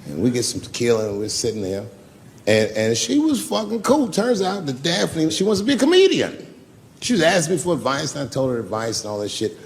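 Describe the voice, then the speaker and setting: A man doing stand-up comedy, telling a long story and acting out the voices with big swings in pitch. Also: sing-song, a little fast. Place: comedy club stage. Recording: live club with long reverb and faint ambience.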